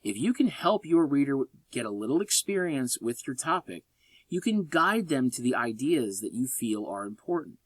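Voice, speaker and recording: Man, college English instructor, recorded lecture voice-over, animated delivery with wry asides, dry close sound. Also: mid-range voice, normal speed, no room sound. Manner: lively, joking asides, sarcastic.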